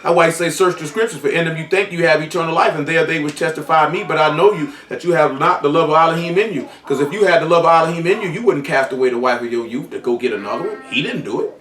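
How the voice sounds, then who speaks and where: Echoey, distant preacher, raised voice. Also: male voice, on the high side, fast, hardly any pauses, fairly bright tone. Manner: reads scripture aloud, then explains it in loose colloquial speech. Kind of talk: sermon.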